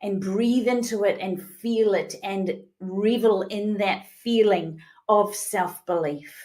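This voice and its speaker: A middle-aged New woman guides a visualization exercise as a coach. She speaks very slowly and soothingly, easing now and then into breathy near-whispers. Her pitch sits in an ordinary middle range. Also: a little mellow. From New Zealand. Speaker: leadership coach.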